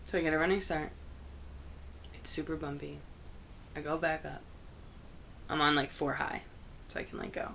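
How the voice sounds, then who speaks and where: A young woman speaks in a fairly low voice, telling a story in a loose, chatty way. Her talk is full of "like" and the odd curse word. Faint crickets and insects sound in the background. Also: level tone, normal speed, vocal fry, long pauses, background noise. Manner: chatty, heavy use of "like", frank swearing. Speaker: vlogger. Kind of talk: casual storytelling.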